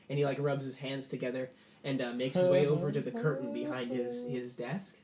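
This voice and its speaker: A man's voice: mid-range voice, flat delivery, a little fast, reverberant, far from the mic, crowd noise. A man narrating a tabletop game as game master, in a casual style full of fillers.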